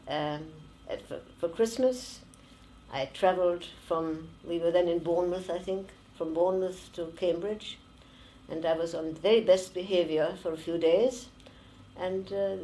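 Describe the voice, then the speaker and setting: A woman in her nineties with a German accent, giving oral history testimony slowly and haltingly, with many pauses and fillers. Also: fairly low pitch, warm tone, slight background noise, rough recording. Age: 90s. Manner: slow and halting, with frequent fillers. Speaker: interviewee, former refugee.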